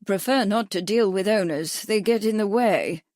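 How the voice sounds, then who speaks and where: A woman voicing a gruff, crafty, hard-of-hearing old male doctor who asks brusque, clipped questions. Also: medium pitch, moderate pace, darkish tone, dry recording, clean studio sound, natural voice.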